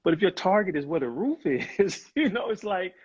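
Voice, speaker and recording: Guy on a video call, kinda husky voice, earnest and reflective, muffled lo-fi sound. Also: high voice, very animated, moderate pace, darkish tone. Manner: earnest, reflective, with many fillers. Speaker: guest on a live video chat. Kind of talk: casual conversation.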